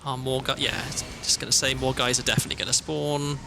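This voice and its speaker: A man's voice: mid-range voice, little pitch movement, fast talker, gravelly, noisy background. A British man chatting casually while streaming a game, rambling and breaking off mid-sentence, with game music underneath. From Britain. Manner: chatty, rambling, self-interrupting. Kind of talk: casual gameplay commentary. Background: background music.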